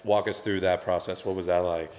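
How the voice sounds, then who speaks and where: A man's voice: low-pitched, flat delivery, fairly quick, a little mellow. A young man hosting a podcast, chatting casually with a guest and sharing his own stories. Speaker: podcast host. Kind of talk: casual interview chat.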